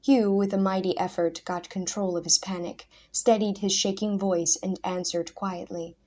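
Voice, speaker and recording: Woman storyteller, mid-pitched, measured expressive audiobook reading.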